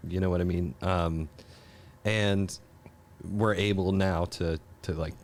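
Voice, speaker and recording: A young man, a musician guest, chatting casually on a podcast in an easygoing, halting way. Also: low voice, steady tone. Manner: easygoing, halting with repeated starts.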